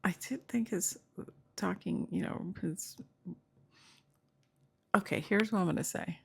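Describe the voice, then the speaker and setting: A woman's voice: medium pitch, measured pace, gravelly, husky. A middle-aged woman chatting casually as a YouTube commentator, rambling and digressive with small chuckles. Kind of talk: casual chat.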